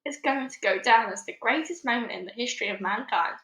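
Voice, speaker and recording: A woman's voice: on the high side, a little fast, sharp tone, echoey room. A woman doing a pompous blustering army major. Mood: boastful.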